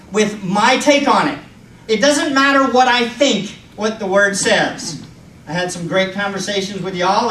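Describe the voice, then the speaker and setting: A man argues a point of scripture in an outdoor public debate, with an earnest sermon cadence that rises to emphatic and sinks to hushed. His high voice moves at a slow, deliberate pace. He sounds far from the mic, with echo and faint background noise. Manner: earnest and deliberate, moving between raised and hushed tones. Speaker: preacher in a debate.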